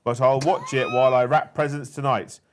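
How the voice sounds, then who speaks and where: A man's voice: medium pitch, fairly even intonation, fairly quick, slight background noise. A man from England co-hosting a casual livestream, reading super chats aloud in a jokey, playful way. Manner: jokey, playful, tries silly accents.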